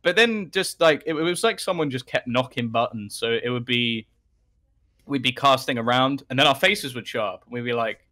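A young man, an esports caster, telling anecdotes in a casual podcast chat, animated, with laughs and frequent restarts. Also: mid-range voice, fast talker.

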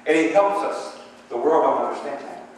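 A man's voice: a little high, lively intonation, normal speed, slight background noise. Male preacher, sermon, echoey church hall, heard from a distance. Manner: rising to emphatic calls for response; conversational storytelling. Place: church sanctuary.

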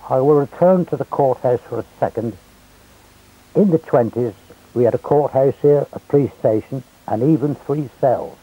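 A man's voice: mid-range voice, husky, phone-quality sound. An elderly man from England narrating local history as wry, chatty anecdotes. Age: older. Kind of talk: storytelling reminiscence.

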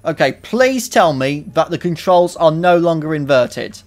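A man with a slightly high voice, reeling off sarcastic, swear-heavy commentary as he plays a video game. He gets excitable and mocking by turns, close on a desk microphone. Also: measured pace. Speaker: let's play commentator.

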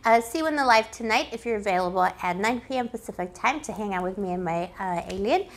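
A woman giving a casual tarot reading, playful and affectionate, calling the listener pet names, her voice slightly hoarse. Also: mid-range voice, lively intonation, quick pace. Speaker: tarot reader.

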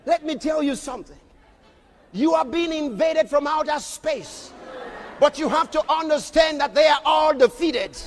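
A man preaching a sermon as a pastor, emphatic, often shouting and questioning his crowd. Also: extremely high pitch, normal speed, a little hiss or hum. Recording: long reverb of a large hall.

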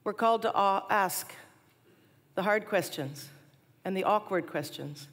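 A woman's voice: medium pitch, measured pace. Woman preaching in an echoing hall. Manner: animated storyteller, laughs at herself. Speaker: chapel speaker. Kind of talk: storytelling chapel talk. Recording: long hall reverb.

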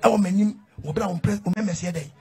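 Husky high-voiced preacher. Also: male voice, brisk, soft background music. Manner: emphatic, often shouting, sing-song cadence. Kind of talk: preaching with call-and-response.

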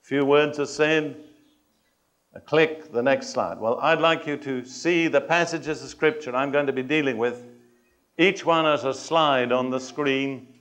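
A man preaching a sermon to a congregation. He speaks in a measured, emphatic way, puts questions and challenges to his listeners, and adds touches of dry humor. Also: mid-range voice, fairly bright tone. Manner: addresses and challenges the congregation directly.

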